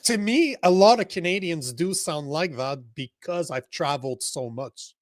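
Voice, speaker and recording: A man whose first language is French talks bluntly and profanely in a casual co-host chat. His voice sits a little high and he gets animated. The recording is dry and close. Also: moderate pace, no room sound. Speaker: podcast co-host.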